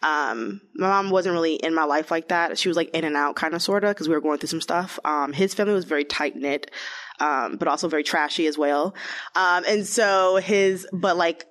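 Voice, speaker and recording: A woman's voice: low-pitched, normal speed. Chatty young woman telling a story. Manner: chatty, lots of "like", animated quoted voices. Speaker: interviewee. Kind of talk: casual storytelling.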